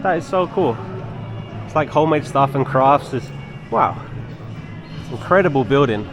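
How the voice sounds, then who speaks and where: A man's voice: mid-range voice, expressive, normal speed, over music. A man filming a walking travel vlog outdoors on city streets, chatty and enthusiastic, often exclaiming at what he sees. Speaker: travel vlogger.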